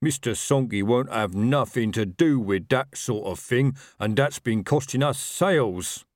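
A man voicing a slow-witted, chatty male troll worker with a rambling, working-class manner. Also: medium pitch, dry recording, clean studio sound, lightly acted.

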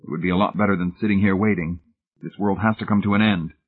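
A man voicing a decisive, commanding leader who speaks forcefully. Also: low voice, steady tone, fast. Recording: tinny phone-like sound.

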